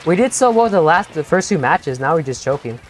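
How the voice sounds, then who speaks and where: A young man streaming a game live, talking to his teammates and chat in an excitable, stammering way that repeats itself. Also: fairly high pitch, a little fast, a little hiss or hum. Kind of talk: live gameplay commentary.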